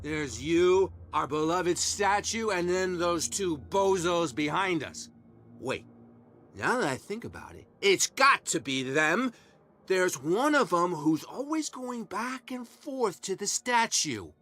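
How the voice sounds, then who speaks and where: A man's voice: high voice, sing-song, slow, pushed and bright, faint music behind, heavily acted. An actor playing an angry, superstitious island townsman in a game, jeering at outsiders. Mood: suspicious.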